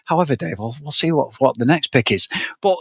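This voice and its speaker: A man's voice: mid-range voice, animated, fairly quick, gravelly, slightly rough, dry recording. A man co-hosting a podcast, chatting casually about a film, sweary and rambling. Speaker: podcast co-host.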